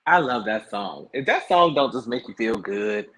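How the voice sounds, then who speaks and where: A sassy man hosts a casual celebrity gossip show with a slightly husky voice. His pitch sits in the middle, and he keeps it lively with slang and asides. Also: normal speed. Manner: sassy, animated, slangy storytelling. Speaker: host.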